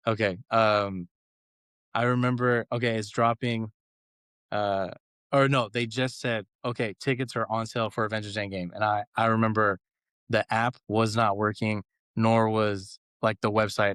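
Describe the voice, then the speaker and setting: Male podcast cohost, low and resonant, lively chatty storyteller. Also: normal speed, smooth, no echo, studio quality. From Los Angeles. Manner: animated storytelling, acts out quotes with laughs. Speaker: guest cohost. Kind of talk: casual podcast chat.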